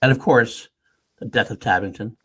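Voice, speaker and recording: A man co-hosting a podcast, chatting casually about movies, gushing and often dropping into hushed, whispered asides. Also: medium pitch, moderate pace, breathy edge. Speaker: podcast co-host. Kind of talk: casual film-discussion chat.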